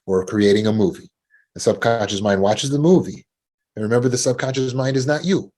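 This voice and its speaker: A man's voice: mid-range voice, fairly quick, darkish tone. A man coaching listeners about panic, in a teaching talk, who acts out anxious inner voices in a rising tone and repeats words as he restarts. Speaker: trauma recovery coach.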